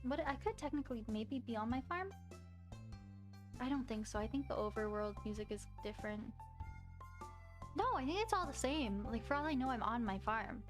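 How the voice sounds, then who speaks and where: A young woman streaming games, chatting casually with her viewers, excitable and quick to swear, gasp and shriek. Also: fairly high pitch. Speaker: game streamer. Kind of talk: casual live-stream chat. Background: faint game music.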